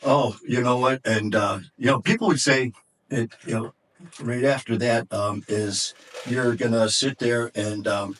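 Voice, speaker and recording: A man's voice: medium pitch, fairly even intonation, unhurried, a bit bright. A middle-aged man and podcast guest telling an intense, emotional story in conversation, profane and at times choked up. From Detroit area, USA.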